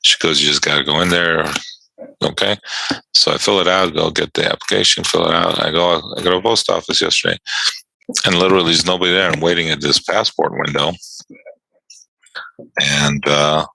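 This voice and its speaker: A man's voice: deep voice, steady tone, brisk, gravelly, pauses often, sharp tone, slightly rough, no room sound, rough recording. A man hosting a day trading show, chatting casually and telling rambling, amused stories with chuckles. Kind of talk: casual chat during a live trading session.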